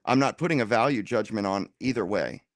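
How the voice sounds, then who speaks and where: A man in a casual political roundtable debate, talking in an animated, argumentative way and dropping slang as he makes his point. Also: fairly low pitch, brisk, no room sound, clean studio sound. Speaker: roundtable guest.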